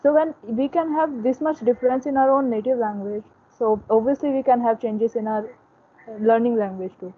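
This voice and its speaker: A woman's voice: fairly high pitch, moderate pace, husky. A Hindi-speaking woman from Uttar Pradesh with an Indian accent, earnestly explaining her views step by step over a video call. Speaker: English learner in group discussion. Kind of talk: casual discussion. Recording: tinny phone-like call audio.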